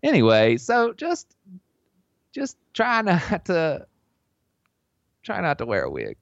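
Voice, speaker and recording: Brief: bragging man with a Southern accent, gravelly, pitch swinging wildly, dull lo-fi sound. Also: wildly swooping pitch, takes it slowly, no room sound. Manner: boastful, rambling, easily sidetracked. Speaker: comedic advice giver. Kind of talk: comedy podcast bit. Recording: dull lo-fi recording.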